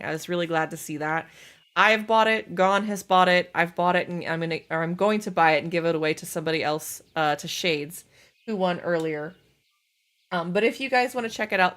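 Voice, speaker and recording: A young woman chatting casually while livestreaming a game, self-deprecating and quick to laugh. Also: lowish voice, a bit bright. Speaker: streamer. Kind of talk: casual gaming livestream chat.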